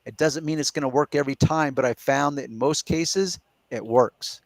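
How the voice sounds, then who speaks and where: A man's voice: a little high, moderate pace, no echo. A middle-aged man hosting a casual live question-and-answer chat, explaining his points step by step and reasoning aloud. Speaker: podcast host.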